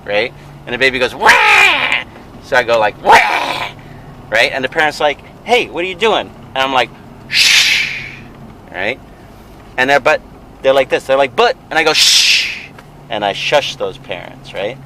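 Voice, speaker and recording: A man's voice: medium pitch, fairly quick, heavy background noise. A man, a father, telling a made-up story as a joke, swearing it's true and tagging his lines with "right?". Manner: keeps insisting it's true, laughs often, tags lines with "right?"; loudly mimics baby wails. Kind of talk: joking tall tale, mock-serious.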